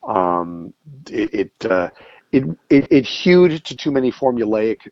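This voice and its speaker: A middle-aged man with a low voice speaks as a guest over a call. He talks thoughtfully, pausing on fillers and restarting his sentences. The audio is dull and lo-fi. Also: sing-song, a little mellow, dry recording. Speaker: interview guest, music expert. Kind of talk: casual interview over a call.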